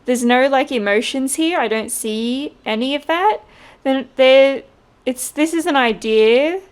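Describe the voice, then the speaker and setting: A woman giving a casual tarot reading, chatty and quick to laugh. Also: sits high, smooth. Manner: chatty, laughs often, mimics voices in quotes. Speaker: tarot reader.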